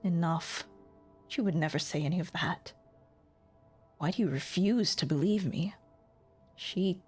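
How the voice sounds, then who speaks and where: A woman's voice: mid-range voice, lightly acted. Cold proud lord from a visual novel, curt n defensive , a woman doing his lines, faint music behind.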